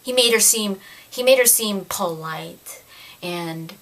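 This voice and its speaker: A woman's voice: mid-range voice, slow, a bit bright. Exasperated woman ranting a book review. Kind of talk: casual spoken book review.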